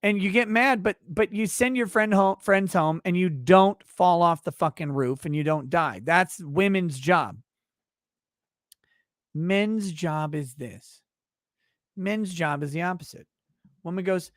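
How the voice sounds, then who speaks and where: A man's voice: high voice, measured pace, dry recording, clean studio sound. A man hosting a livestream who rants in a blunt, profane, riffing way. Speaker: livestream show host. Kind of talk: casual livestream rant.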